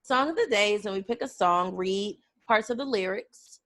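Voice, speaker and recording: A woman co-hosts a casual podcast with relaxed, easygoing banter and frequent laughter. Her voice sits in a middle range. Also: medium pitch, moderate pace. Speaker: podcast co-host. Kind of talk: casual chat.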